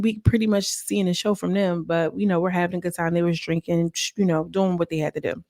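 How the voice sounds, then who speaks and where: Chatty woman with a gravelly voice. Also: mid-range voice, dry recording, studio quality. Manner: chatty and animated, acts out cast members' lines. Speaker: reality TV recap vlogger. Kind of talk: casual episode recap.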